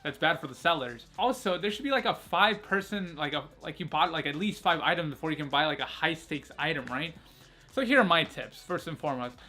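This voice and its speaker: A man's voice: on the high side, expressive, a little fast, sharp tone. A young man vlogging, telling a story casually in a rambling, candid way with lots of fillers and some self-mockery.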